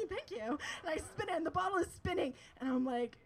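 High-voiced young woman telling a story. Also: expressive, moderate pace, low-quality recording. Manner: chatty, laughs often, lots of "like" fillers. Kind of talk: live personal storytelling.

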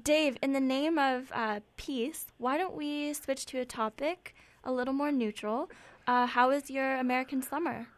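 A female radio co-host with a notably high voice and a polite, slightly hesitant manner. The sound is close and dry. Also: steady tone, normal speed, no echo. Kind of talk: talk radio banter.

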